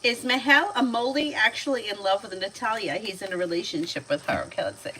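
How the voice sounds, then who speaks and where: A woman's voice: mid-range voice, brisk, bright, forceful tone, slight background noise, rough recording. A woman in her thirties giving chatty, casual tarot readings on a livestream, laughing often as she talks. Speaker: tarot reader.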